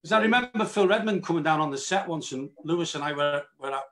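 A man, an actor guest, telling backstage anecdotes in a lively way and acting out his own cries and reactions. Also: fairly high pitch, fast. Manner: animated storyteller, acts out his own reactions with loud cries. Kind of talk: anecdotal reunion chat.

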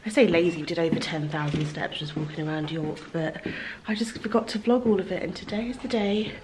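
Her voice is fairly low, a little mellow, steady in tone, and fairly quick. As a travel vlogger walking busy city streets, she talks chattily and bubbly into a handheld camera, laughing frequently in a casual vlog with street noise in the background.

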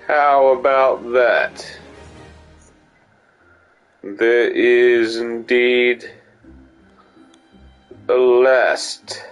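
A man putting on a pompous, overly formal gentleman's voice, stretching his words out grandly. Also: medium pitch, full character voice.

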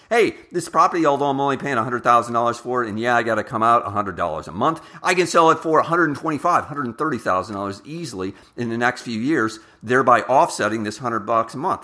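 A man's voice: mid-range voice, sharp tone. A man hosting a money channel, talking through investment examples in an emphatic, repetitive way. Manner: emphatic, repeats key words, spells out examples. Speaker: finance channel host. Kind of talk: scripted-sounding investing talk to camera.

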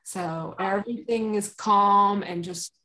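A woman dog trainer speaking as an interview guest, calm and emphatic, often laughing and acting out commands she gives to dogs. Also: mid-range voice, slow. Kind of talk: conversational interview.

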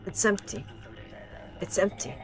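A woman streaming a game, reacting out loud as she plays, talking to herself and laughing often. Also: unhurried. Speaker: gaming streamer. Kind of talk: casual let's play commentary.

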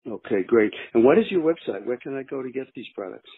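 Husky man calling in by phone. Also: medium pitch, expressive, fast. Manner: hesitant, polite. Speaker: caller. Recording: dry tinny phone line.

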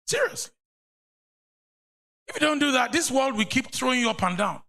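A man with a Nigerian accent, a pastor preaching a sermon in a church, animated and mocking at times. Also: very high voice, fast. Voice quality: gravelly.

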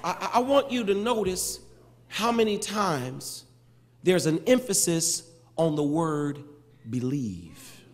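A male pastor preaching a sermon, building into shouted, sing-song cadences with touches of humor. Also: fairly high pitch, very animated, takes it slowly. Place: large church sanctuary. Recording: long church reverb.

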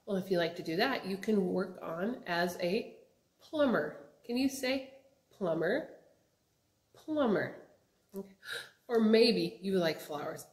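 A young woman teaching children job words, asking them to repeat each word in a slow, sing-song way. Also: mid-range voice, animated. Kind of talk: children's vocabulary lesson. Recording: echoey room.

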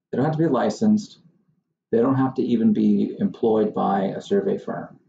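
A man hosts his own channel, talking to the camera in a casual, wry and exasperated way. His voice is low, gravelly and dark. The recording sounds muffled and roomy, with a faint hiss underneath. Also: moderate pace. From Southern Maine. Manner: wry, exasperated, mocking impressions of others. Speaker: surveyor and channel host.

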